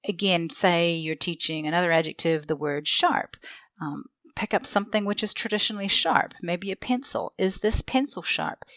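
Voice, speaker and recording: A low-pitched woman talks through teaching methods in a relaxed, clear manner and tests ideas with quick yes-or-no questions. Her voice is captured dry and a little dull, with no room echo. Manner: casual, clear explaining with rhetorical questions. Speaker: language teacher trainer. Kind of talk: instructional podcast talk. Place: seated indoors.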